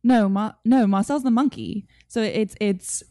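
A woman's voice: medium pitch, unhurried, mellow, no room sound. Woman, radio co-host, bubbly, laughs easily, dry close mic. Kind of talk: casual radio chat.

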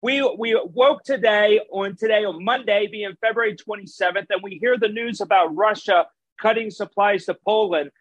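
A man hosting a finance talk show, opening with a lively, sing-song announcer delivery. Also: high voice, moderate pace, no echo, poor audio. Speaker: show host and trader.

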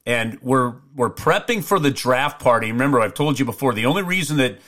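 A man co-hosting a podcast, telling rambling stories in a lively way, full of restarts and asides. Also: medium pitch, fairly quick. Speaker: podcast co-host, hockey play-by-play announcer. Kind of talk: casual storytelling.

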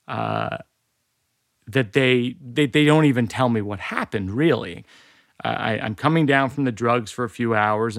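A man's voice: medium pitch, no room sound. A man in his forties, a podcast host, reading a personal story aloud in a dry, wry way with self-aware asides. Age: 40s.

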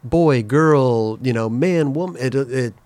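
A man hosting a podcast in casual chat, animated and joking with quick asides. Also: mid-range voice, dry recording. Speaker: podcast host.

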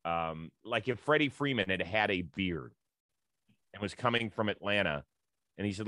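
A man's voice: fairly low pitch, lively intonation, moderate pace, pushed and bright, no room sound. A man hosting a podcast, trading casual banter and plugging upcoming episodes with a chatty manner. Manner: chatty, hypes guests and sign-offs. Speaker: podcast host.

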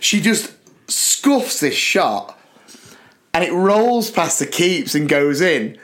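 Male podcast co-host, pitched a touch high, swings wide and excitable as he tells a story. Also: slow pace. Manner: excitable, acts out shouts and cries while telling a story. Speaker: podcast co-host, school sports coach. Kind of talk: animated storytelling chat.

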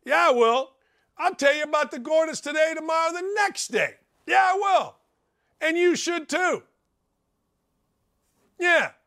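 A man's voice: very high voice, expressive, unhurried, long pauses. A middle-aged American man hosting a sports talk show, giving blunt, folksy relationship advice in a rambling monologue. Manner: blunt, folksy, rambling, swings between loud and muttered asides. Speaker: sports radio host.

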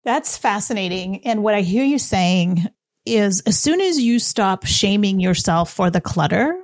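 A woman's voice: mid-range voice, lively intonation, measured pace, no room sound. A woman hosting a podcast, asking curious follow-up questions of her guest. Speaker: podcast host. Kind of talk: podcast interview.

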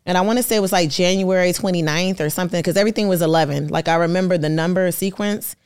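Smooth-voiced woman telling her story. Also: on the low side, quick pace. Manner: lively storyteller who acts out quoted voices. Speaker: podcast guest, artist and entrepreneur. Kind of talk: animated storytelling in casual conversation.

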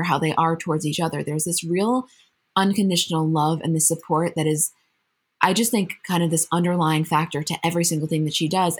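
A woman with a low, husky voice, co-hosting a podcast in casual chat. She talks thoughtfully and at a measured pace. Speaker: podcast co-host.

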